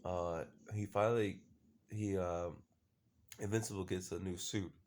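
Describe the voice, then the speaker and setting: A man's voice: deep voice, fairly even intonation, a little slow, darkish tone, slight background noise. A man casually recapping a show episode, rambling with lots of fillers and the odd swear word. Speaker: show reviewer.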